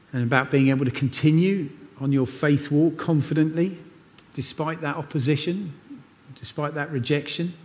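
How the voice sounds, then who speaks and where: A man preaching a sermon in a church, telling a story in an earnest, conversational way. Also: a little high. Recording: long church reverb.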